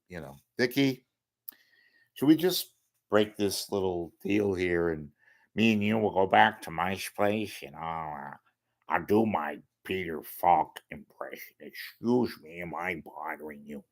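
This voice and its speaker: An older man talks loosely through a casual livestream monologue, wandering off topic and back again. He keeps breaking in on himself with crude jokes and asides. His voice sits on the low side. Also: unhurried, vocal fry. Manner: rambling, self-interrupting, with bawdy jokes. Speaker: host.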